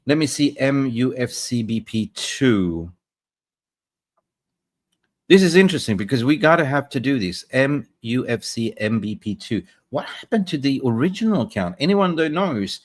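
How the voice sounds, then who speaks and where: A man's voice: mid-range voice, fairly bright tone. A man hosting a live football stream, rambling and talking to his viewers while he searches online. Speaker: football livestream host.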